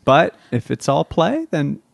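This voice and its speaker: A man co-hosting a podcast, joking around in a playful, casual way. His voice sits at a middle pitch, recorded dry and close. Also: wildly swooping pitch, a little slow, vocal fry, no room sound. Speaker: podcast co-host. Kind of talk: casual chat.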